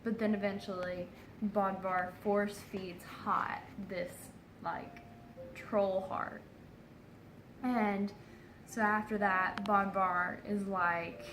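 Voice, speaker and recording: A tipsy woman rambles through a comic retelling, filling every gap with "like" and "so then". She talks at a slow pace with a middle pitch. The room is echoey, and clear music plays behind her. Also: little pitch movement, fairly bright tone. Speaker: narrator.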